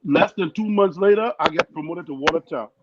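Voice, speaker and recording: A young man with a foreign accent tells his story on a podcast call, and his fairly high voice has an earnest, lively drive. The sound is dull and lo-fi, with loud noise underneath. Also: fairly quick. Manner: earnest, animated storyteller acting out quoted people. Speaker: guest. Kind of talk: casual storytelling.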